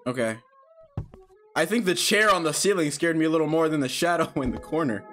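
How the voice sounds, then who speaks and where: A young gaming YouTuber gives casual let's-play commentary on a horror game, his fairly high voice expressive and fairly quick, with music playing behind. He jokes with nervous bravado and shouts when something startles him.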